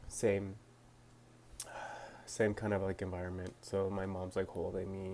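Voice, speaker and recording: A man's voice: fairly low pitch, completely flat delivery, normal speed, creaky, dark tone, a little hiss or hum. A young man answering viewer questions to his phone camera, talking hesitantly with lots of fillers and restarts. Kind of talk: casual talk to camera.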